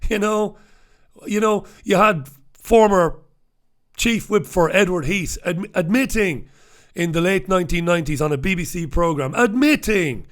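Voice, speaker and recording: A radio host from the north of England, ranting bluntly and swearing through a newspaper review, close to the microphone. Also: male voice, high voice, moderate pace. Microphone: talking close into two microphones.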